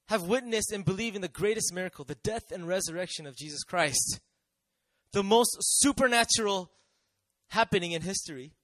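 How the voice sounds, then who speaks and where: A man's voice: high voice, fairly quick, a bit bright, no echo. A man preaching a sermon in a conversational way, often asking the audience questions and acting out quotes.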